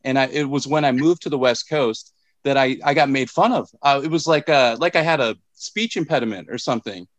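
Man, 40s, from Minnesota, casual podcast co-host, middle pitch, halting delivery, dry recording. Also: no echo. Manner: halting, restarts often, curious questioning.

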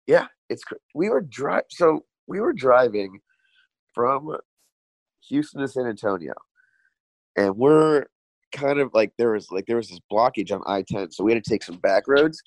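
A man hosting a podcast in casual chat, telling animated stories and acting out voices, with some swearing. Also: medium pitch, normal speed, no echo. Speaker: podcast host, touring comedian.

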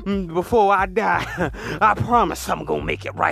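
A man preaching an impassioned sermon, repeating lines and building to shouts. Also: sits high, moderate pace, vocal fry. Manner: preaching in calls, repetition and rising shouts.

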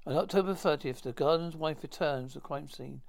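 A man acting a fast-talking character in a 1950s TV drama, with brisk, stagey dialogue. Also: fairly high pitch, vocal fry, a little mellow.

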